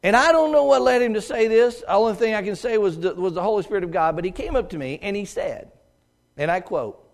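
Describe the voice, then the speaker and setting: A middle-aged man preaching a sermon in a church auditorium. His voice sits high for a man, and he swings from loud, ringing exclamations down to hushed, almost whispered asides. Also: fast talker.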